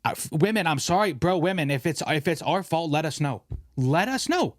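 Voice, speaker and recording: Animated young man ranting on a podcast. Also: a little high, brisk, no room sound, studio quality. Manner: animated, swears freely, ranting. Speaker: podcast host. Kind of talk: casual podcast rant.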